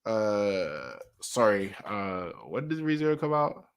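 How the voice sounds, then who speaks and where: A man streaming a casual manga reaction, rambling excitedly and correcting himself as he goes. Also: on the low side, slow pace, smooth. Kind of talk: casual live-stream talk.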